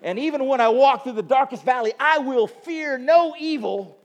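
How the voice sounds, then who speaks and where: A man putting on a cowboy accent, voicing a fearful believer reciting a psalm in a loud, strained way. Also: very high-pitched, normal speed, voice pushed up. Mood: mock fearful. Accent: American cowboy drawl, put on.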